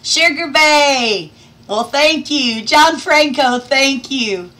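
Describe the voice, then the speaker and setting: Brief: middle-aged woman, livestream host at home, bright tone, upbeat and affectionate, reads out chat names. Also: high voice, slow. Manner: cheerful, affectionate greetings to each viewer. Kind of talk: casual livestream chat reading out comments.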